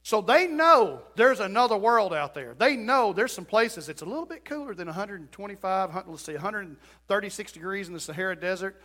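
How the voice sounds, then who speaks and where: A man's voice: high voice, lively intonation, brisk, hardly any pauses, sharp tone. A middle-aged male pastor preaching a storytelling sermon in a church, acting out quotes and building to emphatic points.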